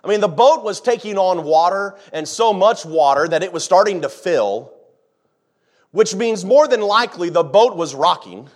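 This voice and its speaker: A man preaching a sermon, who jokes with the congregation and acts out scenes, swinging from hushed asides to shouting. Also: high-pitched, animated, moderate pace. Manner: dramatic, acts out the disciples' panic, swings from quiet to shouting. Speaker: pastor.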